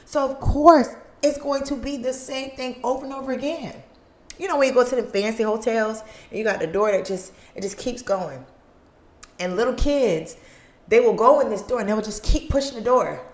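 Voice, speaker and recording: Woman on her couch with a mic, preachy motivational talk, kinda high voice, roomy echo. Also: normal speed. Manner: earnest, preachy, acts out little scenes. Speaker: podcast host. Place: living room at home. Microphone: studio mic.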